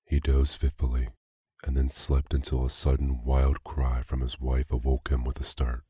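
Male storyteller for a sleep story: very deep, dark, husky, calm even delivery. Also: no room sound, studio quality. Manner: slow, calm, even reading. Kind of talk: bedtime story narration for sleep.

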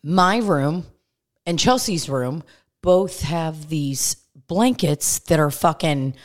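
A woman's voice: sits low, animated, slow. Crude, exasperated American woman. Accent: American Midwest. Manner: crude, exasperated storytelling with swearing. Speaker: podcast co-host. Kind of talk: casual comedic chat. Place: rented house in California.

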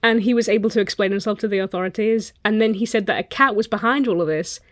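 A woman's voice: mid-range voice, fast, no room sound, clean studio sound. A woman co-hosting a podcast, telling a story in a joking, casual way and swearing now and then. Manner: jokey, swears, acts out silly voices. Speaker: podcast co-host.

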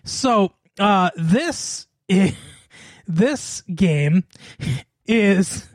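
A high-pitched man co-hosts a comedy podcast and laughs through his own jokes as he runs a quiz. His voice sits dry and close on the mic, with no room sound. The talk is loose, casual banter. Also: animated, extremely slow, pauses often, dry recording. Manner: laughs often, quizzes his co-host. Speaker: podcast co-host.

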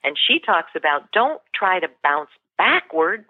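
A woman's voice: on the low side, very animated, a little slow, breathy edge, no room sound. A woman guest on a podcast, telling a story earnestly and with feeling, often restarting her sentences. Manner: earnest, emotional, many restarts. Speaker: guest author and leadership coach. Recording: tinny phone line, dry.

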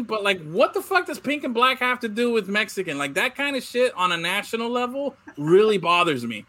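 Bright, high-voiced man in casual chat. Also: brisk, hardly any pauses. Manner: animated, swearing, loose storytelling with restarts. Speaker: podcast co-host.

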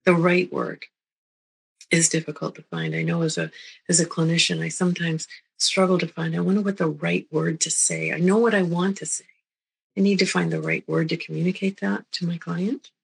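Gravelly, breathy woman teaching gently. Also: lowish voice, little pitch movement, rough recording. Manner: gentle, unhurried, repeats words and checks in with "right?". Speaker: therapist teaching a psychology talk. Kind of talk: recorded lecture.

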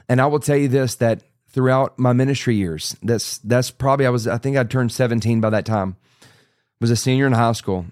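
A man's voice: mid-range voice, lively intonation, normal speed, darkish tone, no room sound, clean studio sound. A man in his forties preaching, telling his own testimony in an earnest, storytelling way with many restarts and asides. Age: 40s. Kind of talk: sermon testimony.

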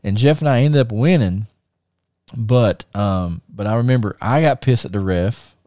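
A man's voice: on the low side, moderate pace, dark tone, no echo, studio quality. A man hosting a podcast, casually telling rambling stories with frequent laughter and restarts. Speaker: podcast host and wrestler. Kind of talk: casual storytelling chat.

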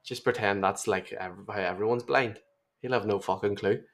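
A man's voice: fairly low pitch, fairly even intonation, normal speed, a bit bright. Young man, podcast co-host, loose storyteller, sweary. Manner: tells anecdotes, swears, laughs at own stories. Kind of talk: casual storytelling chat.

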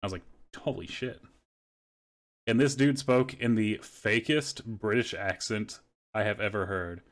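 A man's voice: fairly low pitch, fairly even intonation, moderate pace. A young man hosting a podcast, telling rambling stories in casual chat and swearing freely. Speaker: podcast host.

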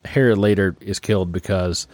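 Lowish-voiced guy chatting on a podcast, easygoing, cracks little jokes, dry close sound. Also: normal speed, dry recording. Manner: relaxed storyteller, jokey asides. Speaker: podcast co-host. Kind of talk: casual podcast chat about the Bible.

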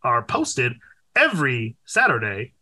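A young man co-hosting a podcast in casual chat, animated and profane, with loud exclaims. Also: medium pitch, a little slow, a crowd in the background. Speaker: podcast co-host.

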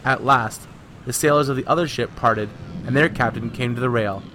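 A man reading a comic captain's log in a crisp, deadpan narration. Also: mid-range voice, normal speed, noisy background. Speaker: reader.

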